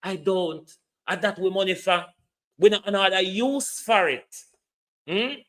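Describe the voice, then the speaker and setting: Jamaican male host, sardonic political rant, bright edgy tone, sits a bit high. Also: measured pace. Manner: mocking, blunt, with frequent rhetorical "hmm?" tags. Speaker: online show host.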